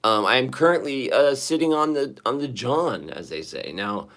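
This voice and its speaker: Hoarse and shaky from singing, a livestreamer sits in his bathroom talking to viewers on his phone, rambling, restarting and casually profane. His mid-range voice is expressive and fairly bright, at a moderate pace.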